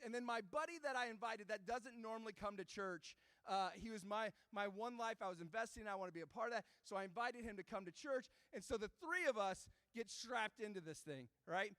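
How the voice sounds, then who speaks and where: Man, high voice, dry close sound, youth ministry talk, animated storytelling, questions to the kids. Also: fairly quick, few pauses, no echo. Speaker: youth pastor. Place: church youth room before a live audience.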